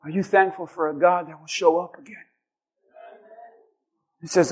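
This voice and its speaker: A man preaching a sermon as pastor, swinging between shouted lines and soft, hushed assurances. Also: high voice, fairly even intonation, normal speed, long pauses, slightly rough.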